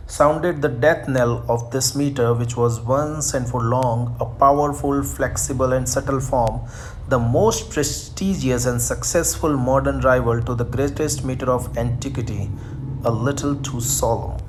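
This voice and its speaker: A man's voice: medium pitch, a little hiss or hum. Man reading out a college lecture. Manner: reads out points, repeats them, stops with "uh". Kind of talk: recorded online lecture reading from slides.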